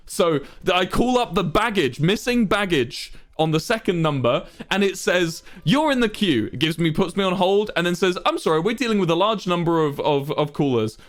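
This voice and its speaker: A young man streaming to his chat, retelling a frustrating ordeal in an exasperated, animated way and acting out the people in it. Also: high voice, normal speed, few pauses. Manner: acts out the people in his story. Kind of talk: casual livestream storytelling to chat.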